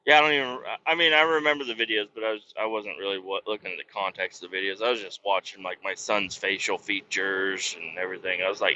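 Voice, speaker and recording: Cursing trucker, bright and lo-fi. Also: male voice, lowish voice, expressive, a little fast. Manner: rambling, profane, curses at his truck. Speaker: truck driver. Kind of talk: casual vlog while driving. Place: truck cab on the road. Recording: dull lo-fi sound.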